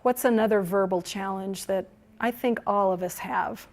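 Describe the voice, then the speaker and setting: A woman leading a training workshop for museum guides, lively and encouraging, who laughs often as she teaches. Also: mid-range voice, moderate pace.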